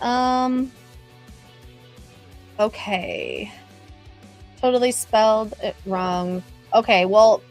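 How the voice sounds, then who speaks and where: A middle-aged woman hosting a casual live stream, chatting upbeat and greeting viewers by name as she reads the chat. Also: on the high side. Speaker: livestream host reading viewer chat.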